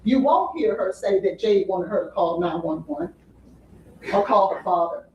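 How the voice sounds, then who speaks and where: A woman's voice: medium pitch, lively intonation, normal speed, a little mellow, dull audio, slight background noise. A woman giving a courtroom opening statement as defense attorney, with emphatic repetition to the jury. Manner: emphatic, repeating "you'll hear" to a jury. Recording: echoey courtroom audio from far off.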